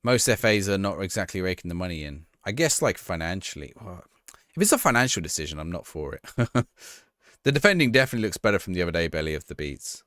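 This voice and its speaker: A man with a fairly low, very animated voice chats loosely with his viewers while he plays a football management game. He thinks aloud and reacts to each play, and his voice sounds dry and close with no room. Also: quick pace, no room sound. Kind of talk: casual live-stream chat.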